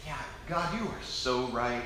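A sulking, petulant prophet grumbling back at God, played by a preacher. His voice is bright and edgy. The room adds a noticeable echo. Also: mid-range voice, lively intonation, measured pace, a little hiss or hum, pitched below the performer's own voice. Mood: sulky. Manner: sullen, petulant. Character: sulking angry biblical prophet, grown man. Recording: echoey room.

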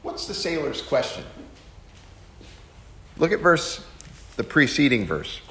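A man's voice: a little high, very animated, slow pace, pauses often, pushed and bright. A man preaching an earnest Bible teaching, pressing his points with rhetorical questions. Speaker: pastor teaching. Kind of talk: sermon-style Bible teaching. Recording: echoey room.

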